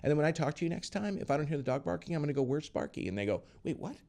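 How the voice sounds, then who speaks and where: A middle-aged man hosting a casual interview, talking in a lively way and acting out the voices of people he quotes. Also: a little high, racing, vocal fry. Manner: animated, acts out quoted voices. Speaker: podcast host.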